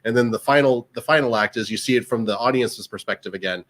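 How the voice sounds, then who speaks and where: A man chatting casually about films as a co-host, middle-pitched and rambling. He restarts his sentences often and wanders into asides as he goes. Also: quick pace, fairly bright tone. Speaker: podcast co-host. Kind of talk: casual chat.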